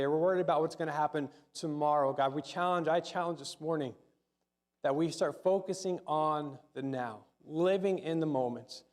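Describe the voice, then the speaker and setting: A man's voice: a little high, darkish tone. A middle-aged man preaching a sermon as pastor, talking to the congregation in a loose, conversational way, often repeating words and asking questions.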